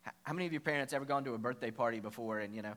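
A man preaching a sermon as pastor, telling a story with animated, acted-out quotes. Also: medium pitch, rapid-fire.

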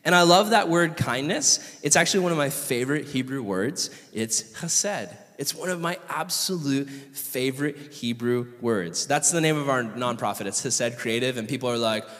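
A man's voice: mid-range voice, animated, normal speed, hardly any pauses, a bit bright. A man from California, a pastor giving a passionate, conversational sermon and asking the audience questions. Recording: long reverb of a hall.

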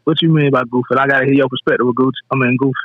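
Fast-talking, blunt male podcast guest. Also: medium pitch, fairly even intonation, dry recording, narrow, tinny audio. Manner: blunt, teasing, fast slang. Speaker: podcast guest, rapper and filmmaker. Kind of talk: casual podcast chat.

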